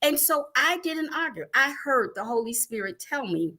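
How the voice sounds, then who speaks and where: Bright-voiced woman hosting a church show. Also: high voice, normal speed. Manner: lively storytelling, animated. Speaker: ministry host. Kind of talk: live online church talk show.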